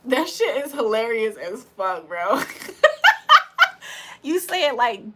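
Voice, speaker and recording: Bright, lively young woman chatting live. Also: sits high, moderate pace. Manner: laughs often, chatty, addresses viewers as y'all. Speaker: livestream host. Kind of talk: casual live-stream chat.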